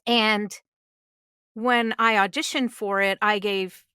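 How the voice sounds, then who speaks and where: A middle-aged woman speaks as a guest on a podcast with earnest conviction, pressing her points with emphasis. Her voice is smooth and resonant. The sound is close and dry. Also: medium pitch, fairly even intonation, takes it slowly, pushed and bright, no echo. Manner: earnest, emphatic advice-giving. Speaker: voice actress guest. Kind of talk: conversational interview. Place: podcast studio.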